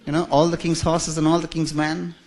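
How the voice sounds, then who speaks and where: A man from India tells his life story in a church, using humour, self-mockery and chuckles. His voice is a little high and a little mellow, with a flat delivery at a slightly fast pace.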